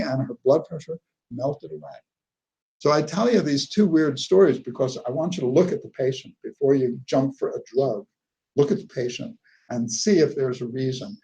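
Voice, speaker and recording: A medium-pitched man with a dark tone lectures on neurology in a lecture hall, chatting his way through clinical stories and tossing in "okay?" check-ins often. The recording sounds muffled.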